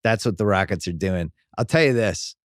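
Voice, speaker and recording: A man's voice: sits low, lively intonation, normal speed, no echo, clean studio sound. Joking, opinionated male podcast host. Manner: joking, opinionated, restarts sentences. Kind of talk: casual sports talk.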